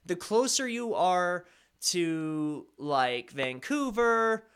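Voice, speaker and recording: A man's voice: high-pitched, expressive, very slow, fairly bright tone, clear, resonant tone. A man from Colorado with a slight Colorado accent, hosting a live stream and chatting casually with viewers in a rambling, self-correcting way. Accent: slight Colorado American. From Colorado, USA. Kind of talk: casual chat answering viewer chat.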